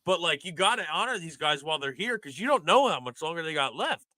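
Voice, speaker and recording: A man's voice: fairly high pitch, sing-song, fast talker, sharp tone, no echo. A man co-hosting a sports podcast, talking in a passionate, rambling casual way with lots of "like". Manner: passionate, rambling, heavy use of "like". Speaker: podcast co-host.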